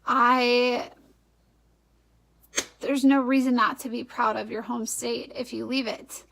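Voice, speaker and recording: A woman's voice: a little high, level tone, takes it slowly, vocal fry, a bit bright, poor audio. A young woman from Wisconsin with an Upper Midwest American accent, chatting casually in an advice vlog, rambling, laughing often and correcting herself. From Wisconsin, USA. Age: young adult. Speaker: vlogger.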